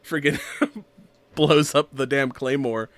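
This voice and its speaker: A man's voice: medium pitch, slow, fairly bright tone, dry recording. Chatty man recapping a movie. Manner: rambling, laughs often, acts out quotes. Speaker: podcast co-host. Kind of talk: casual chat recapping a movie.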